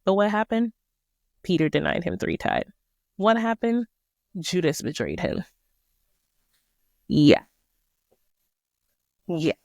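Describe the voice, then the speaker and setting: A woman's voice: lowish voice, sing-song, takes it slowly, gravelly, pauses often, darkish tone, dry recording, clean studio sound. A woman hosting a podcast, walking listeners through a Bible passage in a casual, slangy, emphatic way. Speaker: podcast host. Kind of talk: casual Bible study talk.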